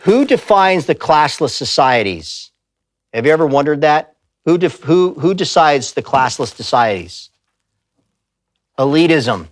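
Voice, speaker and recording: A man's voice: fairly high pitch, big pitch swings, a little slow, dry recording. A man giving a live talk in a church, speaking emphatically and telling stories with quoted voices. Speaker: pastor and speaker. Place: church sanctuary.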